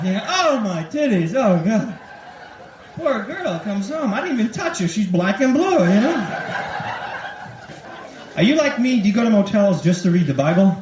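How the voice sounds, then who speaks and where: A male stand-up comic with a high, bouncing voice that leaps up and down as he acts out bits. The sound comes from a live 1980s club tape, roomy and a little distant, with audience laughter behind him. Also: noisy background. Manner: animated, acts out quick voices in jokes. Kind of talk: stand-up comedy set. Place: comedy club stage, 1983.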